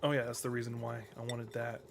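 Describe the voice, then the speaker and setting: A man's voice: mid-range voice, fast, vocal fry, noisy background. A man streaming a survival game, chatting casually with his viewers between moves. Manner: relaxed, talks to chat while playing. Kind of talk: casual chat while gaming.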